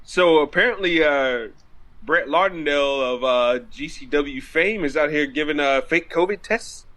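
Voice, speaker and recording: A man's voice: a little high, normal speed, bright, forceful tone, poor audio. A man co-hosting a casual wrestling podcast, rambling with lots of fillers and frequent laughter. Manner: rambling, laughs often, loose and profane. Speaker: podcast co-host.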